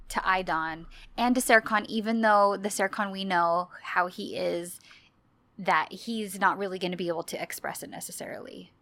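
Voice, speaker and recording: A woman's voice: medium pitch, a bit bright, no room sound. Chatty woman on a dry mic. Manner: chatty, reflective, laughs along. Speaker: podcast co-host. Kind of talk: casual recap chat.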